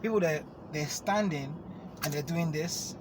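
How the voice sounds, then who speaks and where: A man hosting a casual, unscripted podcast chat, playful and quick to laugh as he riffs. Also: fairly high pitch, background noise. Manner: playful, laughs often, drawn-out filler mimicry. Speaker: podcast host.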